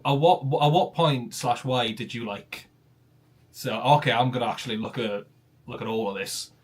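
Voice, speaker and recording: A man from Wales with a softened Welsh accent, hosting a casual stream chat, chatty and laughing often. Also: medium pitch, normal speed, slightly rough. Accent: Welsh, softened toward general British. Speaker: host.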